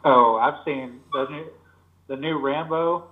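A man's voice: mid-range voice, slow pace. A man calling into a podcast, giving short, terse answers in casual chat. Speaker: podcast guest on the phone. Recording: tinny phone line.

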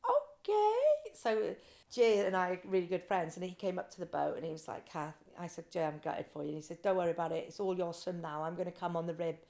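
Woman, lower voice, casual storytelling guest, acts out quotes. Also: steady tone, fast, vocal fry, few pauses, dark tone. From Britain. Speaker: guest, ice swimmer.

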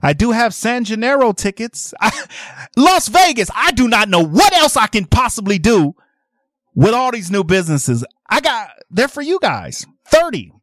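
A man hosting a radio shopping call-in show, energetic and laughing often as he pushes deals to callers. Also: sits high, moderate pace, no room sound, studio quality. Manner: energetic, laughs often, animated sales patter. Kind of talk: lively radio call-in selling. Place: radio studio.

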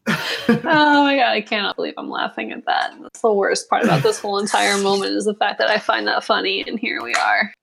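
A woman's voice: mid-range voice, expressive, quick pace, vocal fry, hardly any pauses, noisy background. A woman co-hosting a casual podcast chat, making wry, self-mocking jokes. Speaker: podcast co-host.

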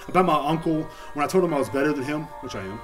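A man delivers a crude, sarcastic mock apology in a rambling solo podcast monologue while music plays behind him. He talks very fast, with a slightly high voice and lively intonation.

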